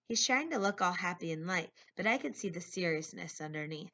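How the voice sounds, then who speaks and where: A woman's voice: on the low side, expressive, fairly quick, hardly any pauses, bright, forceful tone. Woman reading a novel aloud. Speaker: reader. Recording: lo-fi recording.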